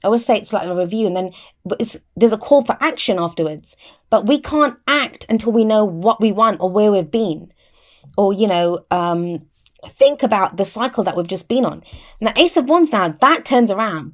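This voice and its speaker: A woman's voice: medium pitch, animated, normal speed. A woman giving a casual tarot reading to camera, chatty and explaining each card, often restarting her sentences, with a microphone close by. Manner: chatty, explains cards with frequent restarts and "I always say". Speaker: tarot reader. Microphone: mic within reach of her arm.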